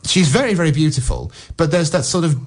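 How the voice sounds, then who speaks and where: A male film critic on a radio show, talking casually and at length, with frequent "you know" fillers and quick asides. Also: a little high, lively intonation. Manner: discursive, peppered with "you know" and "no"; acts out characters' lines in passing.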